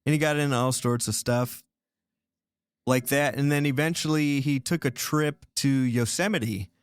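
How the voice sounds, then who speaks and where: A man's voice: medium pitch, moderate pace, clean tone, no echo. Male co-host, casual rambling storyteller, resonant and dry. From Indiana. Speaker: podcast co-host telling a history story. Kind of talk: casual chat.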